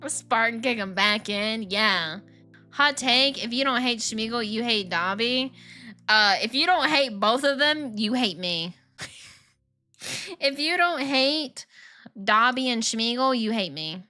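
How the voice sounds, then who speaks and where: Gaming on stream, a young woman chats and rants with slang and bursts of laughter over faint background music. Her fairly high voice is animated, bright and forceful, though she takes it slowly.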